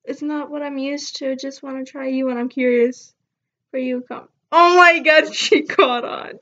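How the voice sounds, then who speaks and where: A woman's voice: sits high, steady tone, unhurried, bright, forceful tone, muffled recording. A young woman vlogging casually, giggling often as she reads her text messages aloud. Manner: giggly, laughs often while reading texts aloud. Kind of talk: casual vlog narration.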